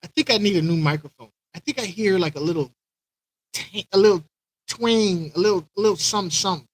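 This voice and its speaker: A high-pitched man hosts a casual live stream from home, rambling and repeating lines as he greets viewers by name. His voice sits close and dry on the mic, with little room sound. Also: brisk, no room sound, rough recording. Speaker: aquarium channel host.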